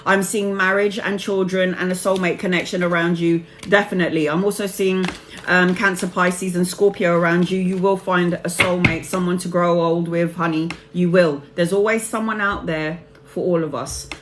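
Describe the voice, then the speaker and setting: A woman's voice: lowish voice, fairly even intonation, normal speed, a little hiss or hum. A woman hosting a live tarot reading, chatting casually with viewers and calling them honey and babes.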